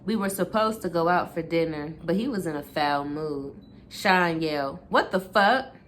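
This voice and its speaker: A woman's voice: sits low, normal speed, a little hiss or hum. A woman reading a memoir aloud in a casual way, stopping now and then to correct herself and reread.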